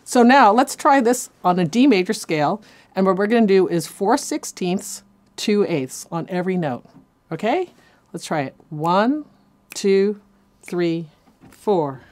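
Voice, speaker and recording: A woman's voice: medium pitch, expressive, normal speed, a little mellow. A woman teaching a cello lesson, counting beats aloud and encouraging her students. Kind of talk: instructional lesson. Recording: cello playing behind. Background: faint cello music.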